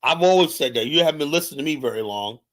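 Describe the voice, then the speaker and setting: Male streamer, heated political rant, profane and combative, repeats himself, slightly high voice. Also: animated, rapid-fire, a bit bright. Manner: challenges viewers directly. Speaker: livestream host. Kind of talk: heated political commentary monologue.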